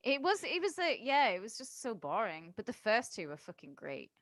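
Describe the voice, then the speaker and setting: A woman's voice: a little high, very animated, normal speed, fairly bright tone, dry recording. A woman co-hosting a podcast in chatty, sweary talk, laughing often. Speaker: podcast co-host. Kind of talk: casual podcast chat.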